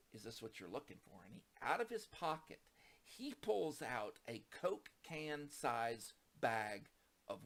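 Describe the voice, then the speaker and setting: A man with a gravelly, creaky edge recounts a misadventure in casual storytelling. His pitch swings widely as he acts out the people in the story. He climbs high and loud at the tense moments. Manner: animated, acts out quoted voices, rising to excited peaks.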